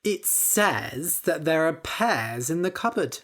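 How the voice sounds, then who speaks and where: A woman's voice: sits low, big pitch swings, takes it slowly, heavily acted. A woman voicing a clever young man who tricks everyone, sly and matter-of-fact.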